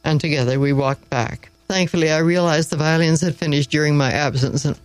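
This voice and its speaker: A woman reading a story aloud in a measured, wry storytelling manner. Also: deep voice, low-quality recording.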